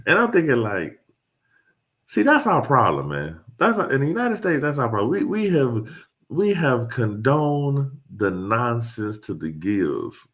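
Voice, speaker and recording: A man's voice: medium pitch, big pitch swings, a little slow, fairly bright tone. A man, talking casually to his online audience, joking and laughing often. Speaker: host.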